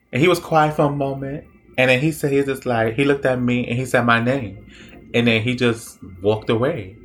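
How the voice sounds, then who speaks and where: A man's voice: medium pitch, normal speed, a bit bright. Rambling man telling a personal story. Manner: rambling, conversational, many fillers and restarts.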